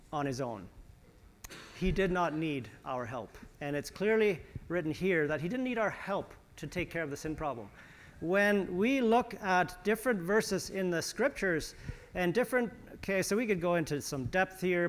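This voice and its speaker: A man's voice: high-pitched, a bit bright. A man preaching a conversational sermon as pastor, with frequent restarts and some sarcasm.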